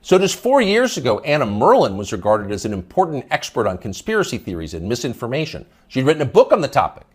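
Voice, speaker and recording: Emphatic, husky-voiced male commentator. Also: mid-range voice, wildly swooping pitch, fast, hardly any pauses. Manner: scornful, emphatic delivery. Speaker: news commentary host. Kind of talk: opinion monologue.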